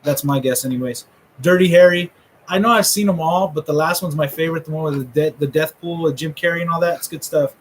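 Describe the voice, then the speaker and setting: Brief: middle-aged male host, casual trash-talking commentary, a touch high. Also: quick pace, slight background noise, rough recording. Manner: joking, rambling trash talk. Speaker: host revealing a fantasy draft order.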